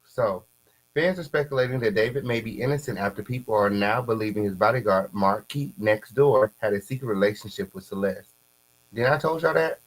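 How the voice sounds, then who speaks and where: Animated commentary guy with a faint hum. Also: brisk, poor audio. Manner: animated, repeats catchphrases, pitch jumps up when excited. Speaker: commentary host. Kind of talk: casual commentary reacting to posts.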